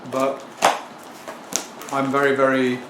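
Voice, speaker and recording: Middle-aged English man, record vlogger, chatty and self-assured, mid-pitched voice, echoey home room. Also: monotone, slow. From England. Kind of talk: casual talk to camera. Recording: echoey room with faint ambient noise.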